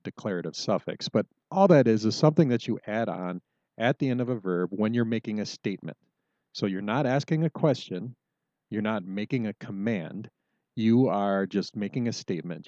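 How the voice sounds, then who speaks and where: A man hosting a podcast language lesson in a casual, unhurried way, with plenty of ums and slow, careful pronunciation of example words. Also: lowish voice, a little mellow, no room sound, lo-fi sound.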